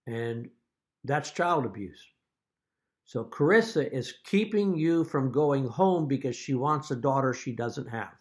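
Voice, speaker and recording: A man with an ordinary middle-pitched voice talks straight to the camera as a father addressing his children. He is earnest and deliberate, pointed in his accusations, and at times he falls into a dry joke-telling aside. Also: lively intonation. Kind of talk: direct-to-camera video message.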